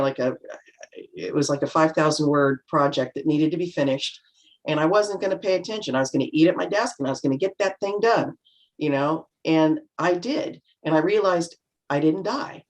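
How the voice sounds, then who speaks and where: Reflective middle-aged woman on a video call. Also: low-pitched. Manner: reflective, acts out quoted remarks in lively voices. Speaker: panel guest. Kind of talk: casual chat.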